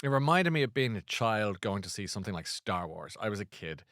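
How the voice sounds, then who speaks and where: A man's voice: lowish voice, big pitch swings, a little fast, a bit bright, dry recording, clean studio sound. A man hosting a casual chat show, rambling and self-deprecating with lots of restarts. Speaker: host.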